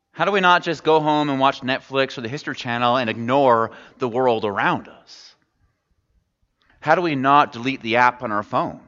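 A man's voice: medium pitch, sharp tone. A man preaching a sermon, talking in a conversational way and putting questions to the congregation. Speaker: pastor. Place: church sanctuary. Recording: dull sound in a large reverberant hall.

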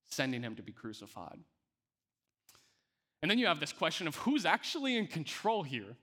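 A man's voice: on the high side, bright, forceful tone. A male pastor preaching a sermon, speaking emphatically and often repeating words as he restarts.

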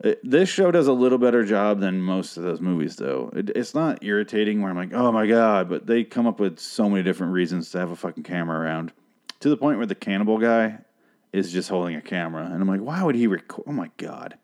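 A man's voice: low-pitched, expressive, fast, darkish tone, clear, resonant tone. A man casually recapping a TV show on his podcast, profane and rambling, with a dry voice. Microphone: podcast microphone.

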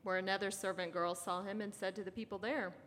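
Female scripture reader, mid pitch, steady and measured, church hall echo. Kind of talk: reading Bible passages aloud. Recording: echoey hall reverb.

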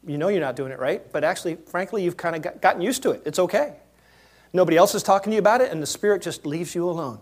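A man preaching a sermon in a church, moving between quiet asides and loud acted-out quotes. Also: sits high, animated, quick pace. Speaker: pastor.

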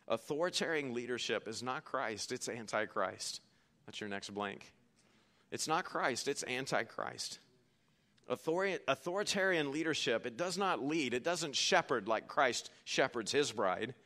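A male pastor delivers a sermon with a bright, forward tone. He talks in a folksy way, mixing jokes with emphatic points. His pitch sits in a middle range for a man.

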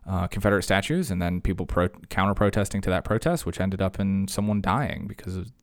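A man from Virginia who teaches high school English, talking casually and rambling with lots of filler words and sudden animated bursts. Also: fairly quick, no room sound, clean studio sound. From Virginia, USA. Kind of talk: casual conversation.

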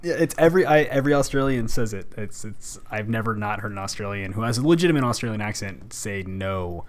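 A man's voice: lowish voice, expressive, fast talker, a little hiss or hum. A man in casual podcast chat, playful and teasing, always joking around.

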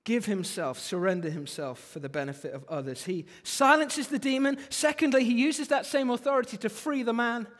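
High-voiced preacher in a hall. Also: male voice, moderate pace, hardly any pauses. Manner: animated, rising and falling emphasis, repeats phrases for effect. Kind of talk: sermon. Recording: long hall reverb.

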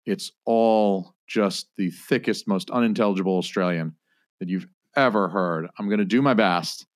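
A podcast host who chats casually and trades crude jokes with his guests. His voice is fairly low. The sound is dry and close. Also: normal speed, dry recording. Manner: joking, crude banter.

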